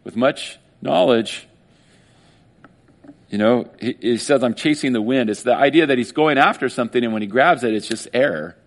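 A male pastor preaching a casual sermon, animated and conversational, often acting out little quoted voices. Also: medium pitch, moderate pace.

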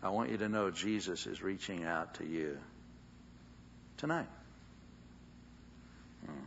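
A man preaching a sermon as a dramatic, animated storyteller with folksy asides, in a dull lo-fi recording. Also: low-pitched, slow, creaky, a little hiss or hum.

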